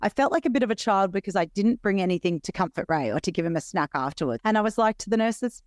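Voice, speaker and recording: A woman's voice: medium pitch, lively intonation, fast, few pauses, no echo, studio quality. A woman in her thirties with an Australian accent, co-hosting a casual parenting podcast in a chatty, wry way and laughing easily. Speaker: podcast co-host. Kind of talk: casual chat.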